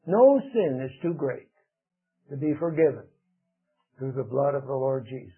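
A man preaching a sermon, earnest and unhurried, pausing often with fillers. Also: mid-range voice, animated, husky, faint music behind. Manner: slow, earnest preaching with many pauses and "uh" fillers. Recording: tinny phone-like radio broadcast.

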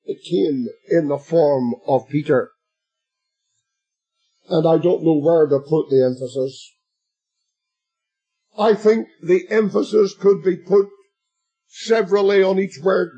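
A man delivering a sermon in a slow, drawn-out cadence. His voice is husky and mellow, and it rises to emphatic peaks. Faint music plays behind him. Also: fairly high pitch, low-quality recording. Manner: slow and emphatic, swelling to shouts at climaxes. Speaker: preacher.

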